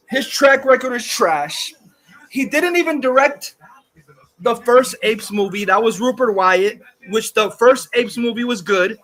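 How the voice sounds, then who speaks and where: A man's voice: very high-pitched, a bit bright. A man hosting a livestream, ranting angrily and profanely and reading chat comments aloud. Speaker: livestream host. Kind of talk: angry livestream rant.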